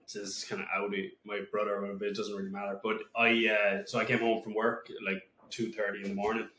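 Bright-voiced man telling rambling stories. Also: lowish voice, little pitch movement, fast. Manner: swears a lot, rambling anecdotes with restarts. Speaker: podcast guest. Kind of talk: casual storytelling. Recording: echoey room with faint noise.

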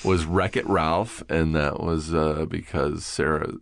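A man's voice: very deep voice, fairly even intonation, slow pace, vocal fry. A middle-aged man hosting a podcast, rambling in a laid-back way with some swearing. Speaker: podcast host. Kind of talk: casual chat.

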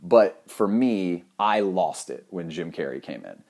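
Young adult man with a somewhat low voice, comic storyteller: animated, crude, self-deprecating. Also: unhurried. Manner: animated, profane, self-mocking, laughs often. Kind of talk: comedic personal anecdote.

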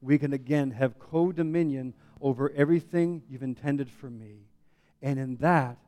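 A man preaching a sermon, asking the congregation questions and swinging from loud, emphatic lines to soft, low asides. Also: moderate pace, dry recording. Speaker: pastor.

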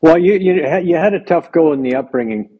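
A man's voice: fairly high pitch, animated, fairly quick, husky, narrow, tinny audio. A man interviewing a guest, asking leading questions with some hesitation.

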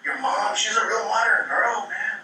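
A man's voice: high-pitched, little pitch movement, normal speed, sharp tone. A man doing a crude old dad with dirty one-liners. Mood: deadpan. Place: small coffee-house stage. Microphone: stage mic. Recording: echoey room, far from mic, faint noise.

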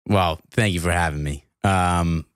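A man's voice: sits low, fairly even intonation, unhurried, clear, resonant tone, no echo, studio quality. A man who is a podcast guest in casual chat, laid-back and rambling with plenty of filler words.

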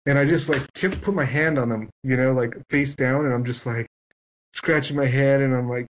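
A man's voice: mid-range voice, fairly even intonation, moderate pace, rough recording. A man on a podcast telling a long story in casual chat, acting out both sides of it. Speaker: guest.

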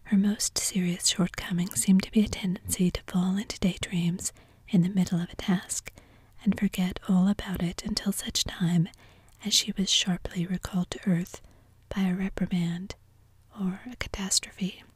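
Breathy whispering woman reading a story. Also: on the low side, little pitch movement, normal speed, dry recording. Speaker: reader. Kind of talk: whispered role-play.

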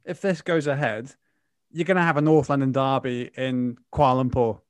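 A man with an average pitch calmly argues the other side in a casual podcast debate. His voice sounds dry and close to the mic. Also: moderate pace, smooth, no echo. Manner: calm, plays devil's advocate. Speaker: podcast co-host.

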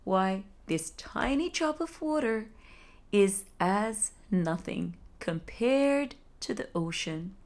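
A woman voicing a wise, well-traveled old male sea turtle in a husky voice, speaking slowly and gently in a bedtime story. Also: mid-range voice. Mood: wistful. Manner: slow, gentle and calm.

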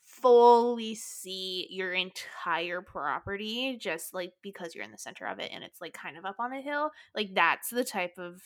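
A woman co-hosts a casual podcast with a bright, clear voice. She talks in an animated, giggly way, swears casually and leans on "like" between thoughts. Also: mid-range voice, a little fast, hardly any pauses, dry recording, studio quality. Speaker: podcast co-host. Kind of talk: casual chat.

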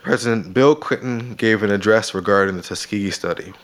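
A man with a fairly low voice co-hosts a casual chat show. He reads his researched notes and long quoted passages steadily, then drifts back into loose banter. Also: brisk, a bit bright. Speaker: podcast co-host.

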